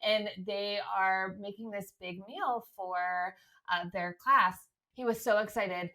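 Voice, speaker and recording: A woman co-hosting a podcast, chatting casually and telling stories in a lively way. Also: medium pitch, takes it slowly. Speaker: podcast co-host. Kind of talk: casual interview chat.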